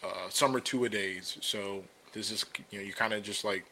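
A man's voice with a low pitch and a bright, forceful tone. He talks casually on a podcast and tells a story with plenty of fillers. He grows more animated as he drives a point home. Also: normal speed. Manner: conversational storytelling, many fillers, rising energy when making a point. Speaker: podcast co-host and business coach.

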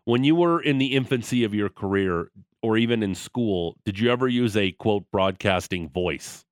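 A man's voice: on the low side, moderate pace, no echo, clean studio sound. A male radio host bantering playfully and joking with his co-host and guest. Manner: playful, joking, goofy impressions.

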